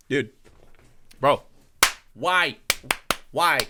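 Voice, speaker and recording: A man with a high, bright, crisp voice reacts to a video on stream. He sounds exasperated and swears freely, laughing between points. His voice comes through dry and close, with no room sound. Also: lively intonation, moderate pace, no room sound. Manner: exasperated, profane, laughing often. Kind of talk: casual reaction commentary.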